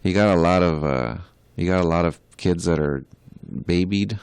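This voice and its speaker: A man's voice: low-pitched, normal speed, darkish tone, clean tone, no room sound. A young adult man, a podcast co-host and musician, chatting casually in a rambling, profane way with many filler words.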